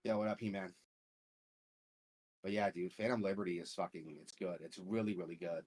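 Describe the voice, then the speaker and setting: A man's voice: low-pitched, fairly even intonation, a little fast, a little mellow, husky. A man hosting a gaming podcast, chatting casually in a profane, rambling way full of filler words. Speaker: podcast host.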